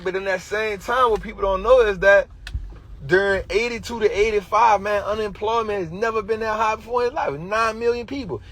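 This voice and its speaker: A man with a high, husky voice and an Atlanta Black American English accent, lecturing on a livestream. He talks about money in street slang and drives his points home by repeating them. The tone is preachy and direct. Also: fairly bright tone. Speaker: finance educator. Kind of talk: livestream talk.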